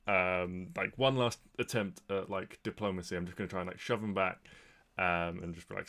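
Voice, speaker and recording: A man's voice: low voice, steady tone, moderate pace, fairly bright tone. A man playing a tabletop game character, casual and hesitant, with many fillers. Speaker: player.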